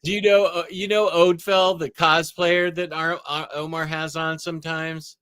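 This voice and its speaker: A man's voice: fairly high pitch, little pitch movement, normal speed, fairly bright tone, clean tone, dry recording. Chuckling male host, dry close sound. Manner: chuckling, storytelling. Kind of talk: casual chat.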